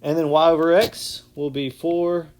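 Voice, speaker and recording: A man's voice: on the high side, level tone, measured pace, darkish tone. A male math teacher walking through a casual whiteboard lesson step by step, often checking in with "okay?".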